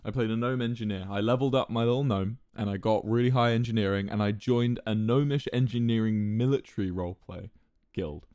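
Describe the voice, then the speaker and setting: Swearing, laughing storyteller. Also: male voice, lowish voice, a little fast, darkish tone, clear, resonant tone, no room sound, clean studio sound. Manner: swears freely, laughs a lot, often restarts his sentences. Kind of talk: casual storytelling.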